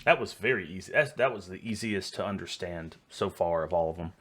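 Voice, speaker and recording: Chatty Texan man, lowish voice. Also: fairly quick, a bit bright, slightly rough. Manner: chatty, laughing, stumbling over words. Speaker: reaction video host. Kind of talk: casual reaction commentary.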